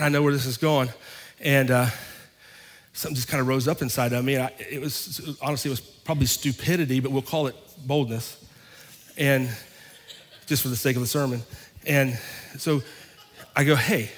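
Pastor telling a story in a reverberant hall. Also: male voice, medium pitch, a little fast. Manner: animated storyteller acting out both sides of an argument. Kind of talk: sermon storytelling. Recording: long reverb of a large hall.

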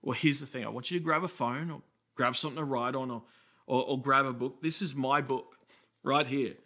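An Australian man in his thirties preaching a sermon as a pastor, telling stories in a conversational way with quick asides. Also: mid-range voice, steady tone, pushed and bright.

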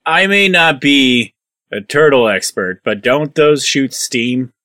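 A man's voice: mid-range voice, lively intonation, takes it slowly, sharp tone, no room sound. A man playing a character in a tabletop game, dry and sarcastic in manner. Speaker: player.

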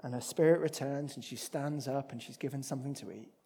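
A man preaching a sermon, expressive, moving between loud emphatic passages and hushed ones. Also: mid-range voice, fairly quick, husky.

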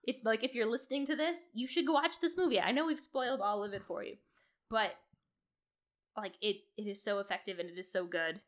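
A woman's voice: medium pitch, a little fast. A woman co-hosting a podcast, chatting casually and playfully about a film. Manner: playful, joking. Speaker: podcast co-host.

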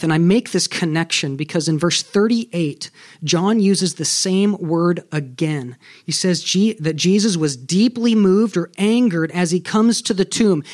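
A man with a high speaking voice delivers a sermon as a pastor. He preaches earnestly and with emphasis, often checking in with his listeners through rhetorical questions.

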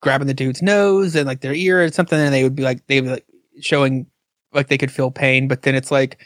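A man's voice: medium pitch, steady tone, fairly quick, no room sound, clean studio sound. A man co-hosting a podcast about comics, thinking aloud in a hesitant way with lots of "like" and second-guessing. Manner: hesitant, full of "like" and hedging. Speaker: podcast co-host. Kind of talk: casual comic book chat.

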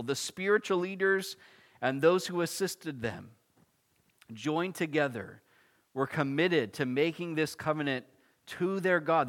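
A man preaching an expository sermon, reading scripture and explaining it in a casual, animated way with asides. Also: a little high. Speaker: pastor.

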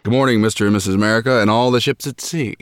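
A man's voice: lowish voice, fairly even intonation, very fast, over loud music. A young man hosting a homemade comedy podcast from a closet, rambling in a mock-grandiose way with lots of fillers. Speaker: podcast host.

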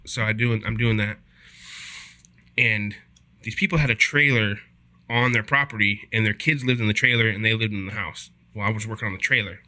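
Laid-back man with a bright voice. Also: lowish voice, fairly even intonation, brisk. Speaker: podcast co-host. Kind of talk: casual chat.

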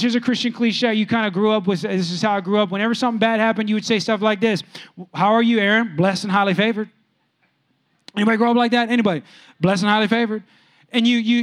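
A man's voice: very high voice, clean tone. A man preaching a sermon as a pastor, telling stories and speaking directly to his congregation. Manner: animated storytelling preacher, talks to the room directly.

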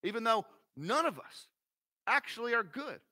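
Pastor guy preaching, high bright voice, folksy and animated. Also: normal speed. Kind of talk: sermon.

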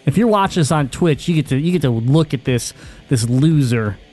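A man's voice: fairly high pitch, lively intonation, fairly quick, warm tone. A man hosting a gaming podcast, reading out news with fillers and joking with his co-host. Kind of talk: casual gaming news chat.

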